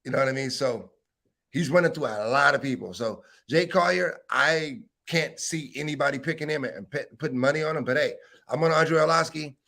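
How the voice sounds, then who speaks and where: A young adult man co-hosting a casual fight-talk podcast, bantering quickly with some swearing. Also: a little high, vocal fry, fairly bright tone. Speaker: podcast co-host. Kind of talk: casual sports chat.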